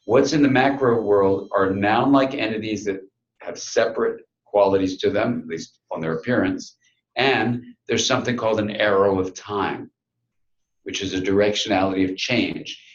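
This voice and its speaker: Low-voiced man giving a reflective talk. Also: reverberant, highs cut off. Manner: storytelling, reflective, quiet dramatic pauses. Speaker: speaker. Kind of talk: talk to an audience.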